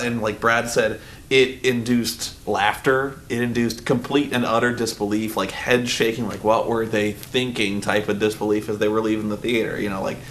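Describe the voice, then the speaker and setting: A man talking through a movie review in a loose, rambling way. He strings thoughts together with constant "like"s and casual swearing, and a faint hiss sits under his mid-pitched voice. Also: fairly bright tone. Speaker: film reviewer.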